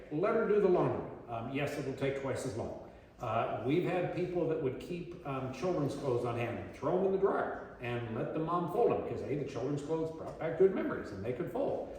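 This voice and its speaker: Male presenter, lively storyteller who acts out voices, slightly high-pitched, roomy distant sound. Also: brisk, slight background noise. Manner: animated, acting out quoted voices. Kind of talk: community talk on dementia care. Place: community meeting room. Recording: echoey hall from far off.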